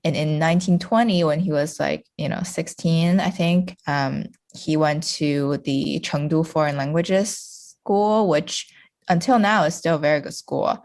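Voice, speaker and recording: A woman's voice: low-pitched, unhurried, a little mellow. A woman from China chatting as a podcast guest, talking casually with lots of fillers and frequent laughter.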